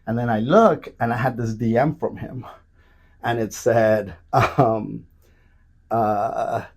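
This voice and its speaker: A man on a podcast telling profane, animated stories with lots of restarts. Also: mid-range voice, takes it slowly. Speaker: podcast guest. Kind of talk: casual storytelling. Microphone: studio podcast mic.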